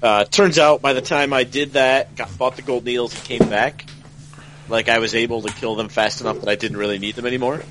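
A man's voice: medium pitch, steady tone, a little fast, background noise. A man co-hosting a casual podcast, rambling and restarting phrases as he thinks aloud. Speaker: podcast co-host.

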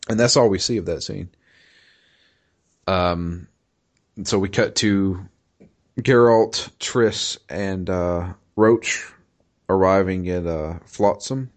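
Slow, deep-voiced man chatting. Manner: halting, many fillers and restarts. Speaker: podcast co-host recapping a video game. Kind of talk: casual chat.

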